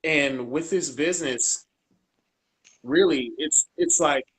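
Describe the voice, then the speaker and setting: Hesitant man in his thirties, slightly high. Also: a bit bright, rough recording. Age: 30s. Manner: hesitant, halting with fillers. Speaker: guest. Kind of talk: casual interview talk.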